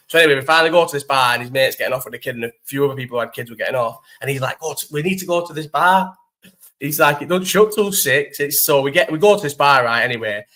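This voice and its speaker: A man's voice: fairly high pitch, fairly bright tone. A young man with a Liverpool accent, hosting a live chat and telling rambling, sweary stories with frequent laughs. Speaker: host.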